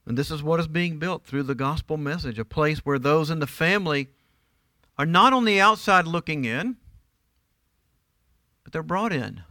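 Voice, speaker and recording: Bright-voiced man preaching a sermon. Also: fairly high pitch, animated, moderate pace, long pauses, no room sound. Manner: emphatic, asks the congregation rhetorical questions. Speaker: pastor. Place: church.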